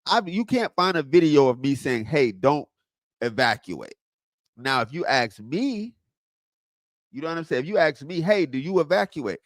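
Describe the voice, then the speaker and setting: A man's voice: on the high side, moderate pace, no echo, clean studio sound. A man from Southwest Florida chatting casually on a livestream, telling stories and answering viewers' comments. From Southwest Florida, USA. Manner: animated storyteller, reacts to chat. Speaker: live streamer answering chat.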